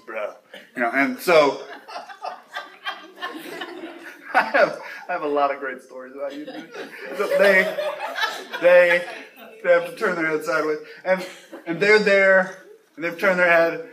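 A young man preaching a sermon, telling youth ministry stories and then rising to loud, emphatic passages on scripture. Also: fairly high pitch, noisy background. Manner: animated preaching, speeds up and slows for emphasis, rises to loud exclamations. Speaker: pastor.

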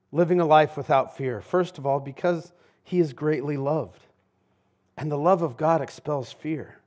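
Male pastor, fairly high voice, conversational sermon, emphatic, loud then hushed. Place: church sanctuary.

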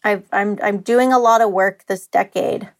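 A woman's voice: mid-range voice, steady tone, normal speed. A woman talking candidly as a podcast guest, open and emotional, rambling with restarts and the odd curse. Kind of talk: candid casual chat.

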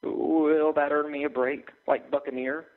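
A man's voice: very animated, normal speed, husky. A man voicing a panicky, cowardly young male desk clerk who pleads frantically in a raised voice. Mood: pleading. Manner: frantic, high-pitched pleading. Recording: tinny phone line.

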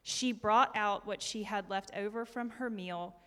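A woman reading a scripture passage aloud in a steady, measured way during a service. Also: mid-range voice, big-room sound. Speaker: scripture reader.

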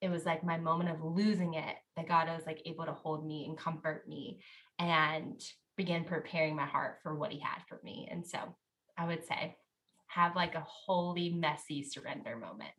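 A woman guest on a podcast, sharing a candid faith story in an earnest, animated way, full of "like" and quick laughs. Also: deep voice. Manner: earnest and animated, heavy use of "like", laughs often.

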